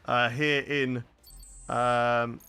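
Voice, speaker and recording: A man's voice: mid-range voice, little pitch movement, drawn-out words, bright, forceful tone, smooth, faint music behind. A young man streaming a racing game live, chatting to his viewers as he drives, with faint game engine sounds behind him. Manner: chatty, talks to chat while racing. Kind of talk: live gameplay commentary.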